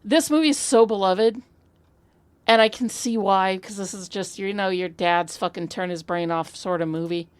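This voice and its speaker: A woman co-hosting a casual movie podcast, blunt and animated, swearing freely as she talks. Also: mid-range voice, normal speed, clean tone, no echo. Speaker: podcast co-host. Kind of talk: casual chat.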